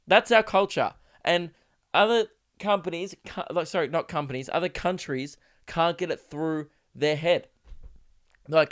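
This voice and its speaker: Speaking at normal speed in a clear, resonant voice on the high side, a young Australian man hosts a podcast while sick and coughing. His casual solo rant wanders and restarts, full of swearing, self-interruptions and acted-out quoted voices.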